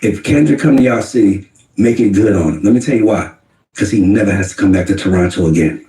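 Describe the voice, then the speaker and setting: A man's voice: fairly low pitch, fast talker, dark tone, distant mic. A man arguing emphatically in a casual podcast debate, repeating his points for effect. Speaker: podcast co-host in played clip. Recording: roomy, off-mic podcast clip.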